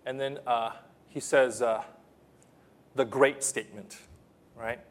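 A man preaching a sermon with passion, repeating phrases for emphasis and moving between soft, quiet lines and loud, rising ones. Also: medium pitch, fairly even intonation, slow pace. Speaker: pastor.

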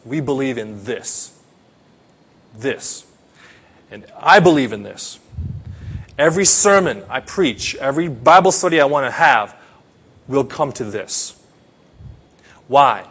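A middle-aged male pastor preaching a sermon, earnest, dropping to soft murmurs and lifting into emphatic stresses. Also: mid-range voice, breathy edge.

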